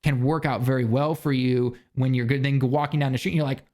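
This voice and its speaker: A man's voice: medium pitch, steady tone, brisk, a little mellow. A young man talking casually to camera, giving loose, rambling tips for beginners with lots of restarts and fillers. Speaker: language learning vlogger. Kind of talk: casual instructional talk. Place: living in Japan.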